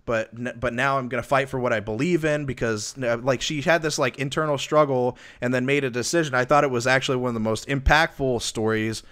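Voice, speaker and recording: A man with a wife and kids, co-hosting a podcast and reviewing a film in loose, rambling casual chat that gets animated when he tells a story. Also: medium pitch, brisk, hardly any pauses, clear, resonant tone. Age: adult with a wife and kids. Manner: rambling, lots of restarts and fillers; animated when retelling stories. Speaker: podcast co-host.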